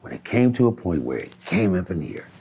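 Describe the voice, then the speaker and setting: A man in a candid street interview, speaking in a low-key, reflective way and swearing freely. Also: sing-song, fast, mellow, a little hiss or hum.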